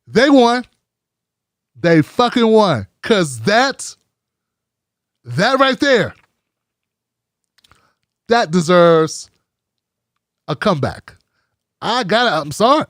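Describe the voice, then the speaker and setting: Fired-up high-voiced man ranting. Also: big pitch swings, slow pace, long pauses, fairly bright tone, no room sound, studio quality. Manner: fired-up, profane, mocking. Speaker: host of a live commentary show. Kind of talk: heated live commentary.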